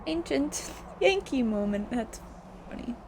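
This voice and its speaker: A young woman from the United States talks loosely over her gameplay, drifting from thought to thought. She giggles often and her voice sits a little high. A faint hiss sits under her voice. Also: sing-song, a little slow. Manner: giggly, rambling, breaks into frequent laughter. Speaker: game streamer. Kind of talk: casual chat while streaming a game.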